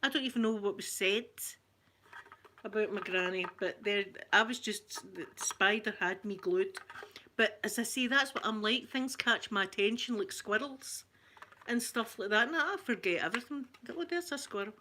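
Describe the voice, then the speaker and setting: A Scottish woman hosting her channel, telling a story in an animated, chatty way that keeps breaking into laughter. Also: medium pitch, normal speed, a little hiss or hum. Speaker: ASMR channel host. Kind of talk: casual storytelling.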